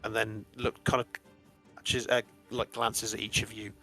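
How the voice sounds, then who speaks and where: A man's voice: lowish voice, level tone, normal speed, sharp tone. A man narrating a tabletop game as game master, rambling with many restarts. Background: faint music.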